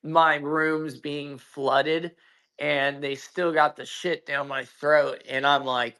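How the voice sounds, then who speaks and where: A man recounts his story in casual chat over an audio call, taking his time with each phrase. His voice sits fairly high and has a bright edge, and his delivery is profane and emphatic, full of restarts. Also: flat delivery, slow, smooth. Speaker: guest. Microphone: own mic on a social audio call.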